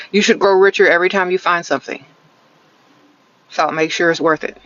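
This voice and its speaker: A woman's voice: fairly low pitch, fairly bright tone, lo-fi sound. A woman giving blunt, sassy dating advice on a live stream from inside her car, often ending her points with a teasing "okay?". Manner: sarcastic, teasing catchphrase "sprinkle, sprinkle". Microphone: phone held close.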